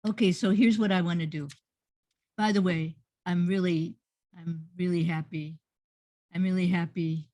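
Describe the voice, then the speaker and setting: A woman's voice: on the low side, steady tone, moderate pace, dark tone, no room sound. A woman hosting an online workshop over a video call, praising participants effusively and often repeating her words. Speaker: workshop host and teacher. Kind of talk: encouraging group workshop feedback.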